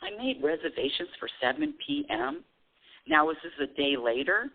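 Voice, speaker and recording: A middle-aged woman hosts a spiritual call-in radio show over a tinny phone line. Her pitch swoops and jumps as she talks. She laughs often and acts out her own past words with drama. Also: normal speed, gravelly. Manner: animated, laughing often, quoting herself dramatically.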